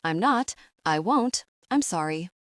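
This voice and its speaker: A woman narrator voicing a gentle, earnest young woman in an audiobook, speaking softly and slowly. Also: lowish voice, lively intonation, no echo, clean studio sound. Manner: soft, slow and tender. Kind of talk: audiobook dialogue.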